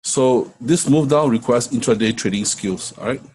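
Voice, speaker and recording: A man's voice: mid-range voice, moderate pace, a little mellow, slight background noise, poor audio. A middle-aged man walking through trading charts in a casual lesson, checking in often with "right?". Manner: conversational, many fillers and "right?" checks. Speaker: forex trading coach. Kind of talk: screen-share trading lesson.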